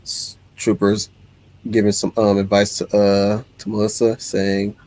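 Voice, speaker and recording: Here a man with a voice on the low side talks at normal speed, with no echo in the recording. As host of a casual livestream he goes through viewer comments, rambling energetically and restarting often.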